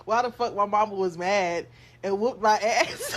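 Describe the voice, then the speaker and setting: A young woman telling a casual storytime, animated, laughing often and swearing freely. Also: medium pitch, normal speed.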